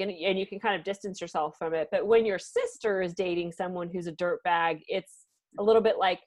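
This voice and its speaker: A woman's voice: medium pitch, brisk, darkish tone. A woman co-hosting a podcast, chatting casually and hedging a lot. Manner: rambling, hedging with fillers and laughs. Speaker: podcast co-host. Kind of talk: casual comedic chat.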